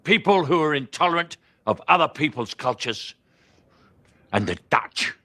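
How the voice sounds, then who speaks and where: A man's voice: on the high side, expressive, moderate pace, pushed and bright. A man playing a stern older spy father, speaking in a clipped, dry, disdainful way in film dialogue.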